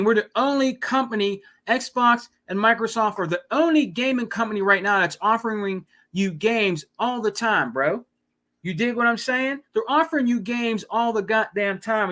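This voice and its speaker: A man's voice: high-pitched, pushed and bright. A man hosting a casual live stream, ranting and swearing, with lots of "you know what I mean.". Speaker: podcast host.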